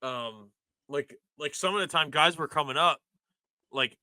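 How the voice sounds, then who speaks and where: A man's voice: a little high, unhurried, pushed and bright, clear, resonant tone, no echo. A man co-hosting a sports podcast, talking in a passionate, rambling casual way with lots of "like". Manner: passionate, rambling, heavy use of "like". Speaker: podcast co-host.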